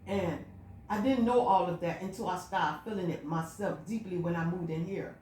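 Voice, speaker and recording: A woman's voice: fairly low pitch, moderate pace, darkish tone, slight background noise. A woman vlogging a personal spiritual monologue, telling her story in an emphatic, repetitive, looping way. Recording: echoey room.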